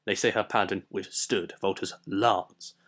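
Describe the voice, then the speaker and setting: A man voicing a haughty, scornful old sorcerer in a video game, speaking in a slow, pompous and disdainful way. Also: low-pitched, steady tone, fairly bright tone. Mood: scheming. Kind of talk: amateur voice acting over a video game.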